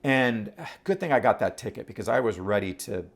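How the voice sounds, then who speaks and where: A man talking casually to camera, animated and rhetorical, often throwing questions at his audience. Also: lowish voice, fairly quick, creaky. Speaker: vlogger.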